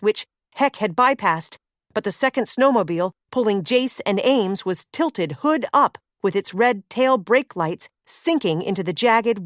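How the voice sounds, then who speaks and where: A woman's voice: fairly high pitch, dry recording. Woman narrating an audiobook, close and dry.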